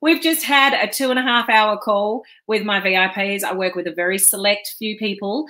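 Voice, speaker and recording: A woman's voice: mid-range voice, moderate pace, pushed and bright. A woman business coach hosting a casual live stream, talking in a chatty, rambling way with frequent ums.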